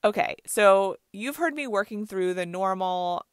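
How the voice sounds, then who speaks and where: A woman's voice: mid-range voice, animated, measured pace, clean tone, no room sound, clean studio sound. A woman in her thirties hosting a podcast, telling candid stories about parenting in a reflective way. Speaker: podcast host.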